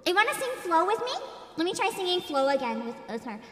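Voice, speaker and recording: A woman streaming a video game, chatting casually, excitable and giggly, and swearing freely. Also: extremely high pitch, fast. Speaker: VTuber streamer. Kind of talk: casual gaming livestream chat.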